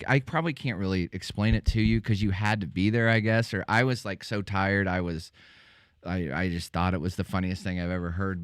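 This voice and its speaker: A man's voice: on the low side, no room sound, studio quality. A man hosting a podcast, telling casual rambling anecdotes full of fillers and restarts. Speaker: podcast host. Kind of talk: casual chat, storytelling.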